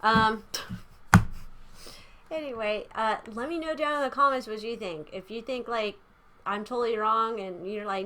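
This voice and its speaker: A woman's voice: mid-range voice, measured pace, fairly bright tone. A woman giving a casual tarot reading, rambling and chatty, irreverent, with casual swearing. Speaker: tarot reader.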